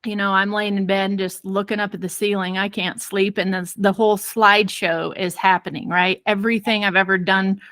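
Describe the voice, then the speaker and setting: A woman parenting expert telling a personal story in an interview, lively and acting out quoted voices. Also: mid-range voice, brisk, hardly any pauses, no echo. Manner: many fillers and restarts.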